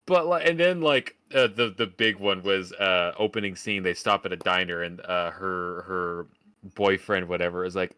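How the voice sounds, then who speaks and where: A man's voice: deep voice, fairly even intonation, normal speed, sharp tone, clear, resonant tone. A man from Oregon giving a sarcastic, profane rant in a casual podcast film review. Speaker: podcast host.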